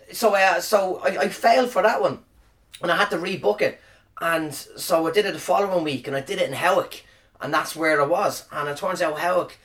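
A man's voice: on the high side, fairly bright tone, recorded from a distance. A man telling a rambling, profane, self-deprecating story as a podcast host, recorded on a phone camera. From Ireland. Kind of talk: casual storytelling monologue.

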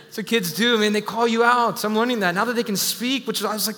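A man in his thirties preaching a sermon, telling a story with self-deprecating humor and sudden animated bursts. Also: sits high, fast, in a large hall. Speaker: pastor.

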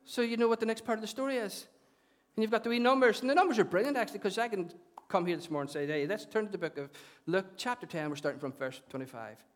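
A man with a Northern Irish accent preaching a conversational, animated sermon in a church, often repeating his phrases. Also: high voice. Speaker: pastor.

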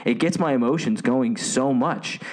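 A man's voice: mid-range voice, normal speed. A man hosting a casual movie discussion, enthusiastic and gushing as he retells scenes. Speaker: podcast host.

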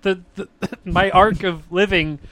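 Male podcast co-host, teasing banter, a bit high-pitched, dry studio mic. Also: fairly even intonation, fairly bright tone, no echo. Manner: teasing, quick interjections. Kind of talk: casual chat. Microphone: close podcast mic.

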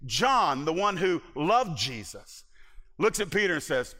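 A man's voice: on the high side, sing-song, measured pace, bright, forceful tone, long reverb tail. A male pastor preaching a sermon, retelling a Bible story dramatically and acting out its voices.

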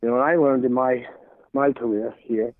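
In a medium-pitched voice with fairly even intonation and a moderate pace, a middle-aged man shares casual stories as an interview guest. He rambles, repeats words, and acts out old dialogue; the audio is tinny and phone-like, with no echo.

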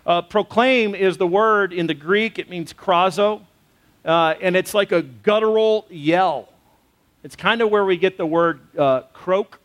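Male pastor with a high voice, preaching casually and talking straight to the congregation. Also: unhurried, fairly bright tone. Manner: conversational preaching with fillers and rhetorical questions. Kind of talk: sermon.

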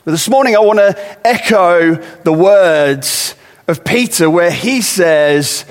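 A man with a high voice delivers a sermon in a church, his words trailing into a long hall reverb. He talks conversationally, then presses his points home by repeating them with rising force. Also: lively intonation, takes it slowly. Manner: conversational preaching with rising emphatic repetitions. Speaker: preacher.

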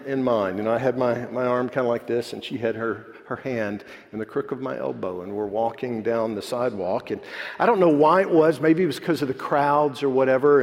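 A man preaching a sermon, moving between animated preaching and soft, quiet storytelling. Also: medium pitch. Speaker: pastor. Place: church sanctuary. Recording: long hall reverb.

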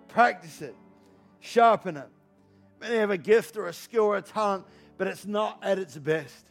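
A man in his fifties delivers an energetic sermon in a high, gravelly voice. He jokes with the congregation and hammers home his points with repeated questions, while soft music plays underneath. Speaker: pastor. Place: church hall.

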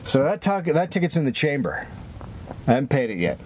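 A man co-hosting a podcast, telling a long, rambling story in casual chat, animated and swearing constantly. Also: on the high side, brisk, slight background noise. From lives in Los Angeles. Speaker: podcast co-host.

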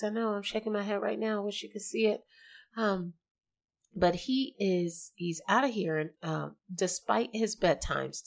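A woman hosting a podcast in casual chat, talking in a slangy, chatty way with quick asides. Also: medium pitch, creaky. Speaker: podcast host.

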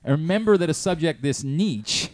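A man hosting a casual talk show, his voice swinging up and down with lively intonation. He rambles, cuts in and wanders off topic before circling back. The sound is dry and close. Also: a little high, normal speed, no room sound. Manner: rambling, interrupts often, jumps between thoughts. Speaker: host. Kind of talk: casual studio chat giving feedback.

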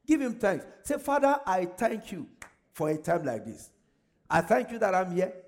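A man's voice: high voice, very animated, moderate pace, a little mellow. A male pastor leading his congregation in fervent prayer, calling out prayer points for them to repeat and breaking into speaking in tongues.

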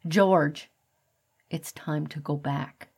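A woman's voice: deep voice, fairly even intonation, extremely slow, creaky, a little mellow, breathy edge, voice pushed down, exaggerated voice. A woman reading a stern father rat. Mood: weary. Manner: stern, lecturing. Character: adult male rat, worried protective father.

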